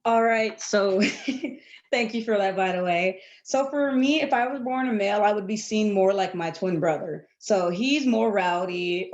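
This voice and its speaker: A woman's voice: medium pitch, a little mellow. An earnest young woman answers on a panel with some hesitation. Her voice sounds roomy and echoey, and a little dull and lo-fi. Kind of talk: panel discussion.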